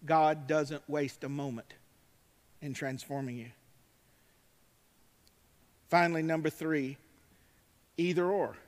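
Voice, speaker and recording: Male preacher, high-pitched, emphatic sermon delivery, recorded in a church hall with a long reverb tail. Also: fairly even intonation, takes it slowly, pauses often. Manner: emphatic, rising to shouts, drawling asides.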